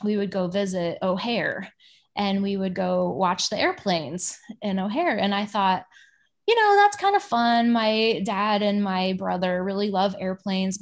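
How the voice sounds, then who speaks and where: A woman who leads children's ministry, chatting casually and telling a personal story on a video call, with lots of fillers. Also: medium pitch. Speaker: children's ministry leader leading a workshop. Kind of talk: casual workshop facilitation. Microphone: computer mic on a video call.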